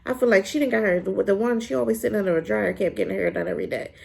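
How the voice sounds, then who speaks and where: A woman giving a casual, animated spoken review of a drama, talking in a colloquial, emphatic way. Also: rapid-fire, vocal fry. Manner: animated, emphatic, colloquial with pitch jumps when worked up.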